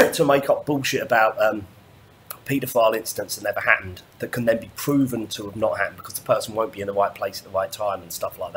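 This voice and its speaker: A man's voice: lowish voice, fairly bright tone, slight background noise. Rambling man ranting. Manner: rambling, stumbling restarts, swears often. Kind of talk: ranting monologue.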